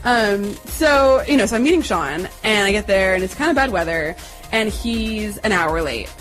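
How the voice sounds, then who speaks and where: A woman's voice: mid-range voice, lively intonation, normal speed, a bit bright, faint music behind. A young woman in her twenties telling a personal story in a casual, chatty way, full of fillers, acted-out quotes and swearing.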